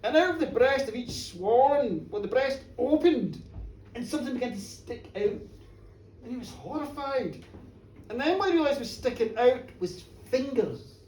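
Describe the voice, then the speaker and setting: A woman telling a folk tale live, dramatic, moving from hushed murmurs to shouts. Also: fairly high pitch, animated, moderate pace, slight background noise. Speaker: storyteller. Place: bar, live performance before an audience. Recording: roomy, distant live bar recording.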